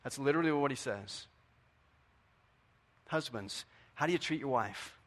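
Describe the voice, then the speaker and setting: A middle-aged man preaching a sermon in a conversational way, asking the congregation questions and swinging from quiet to loud. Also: mid-range voice, lively intonation, a little slow. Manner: conversational, asks the audience questions. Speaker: pastor.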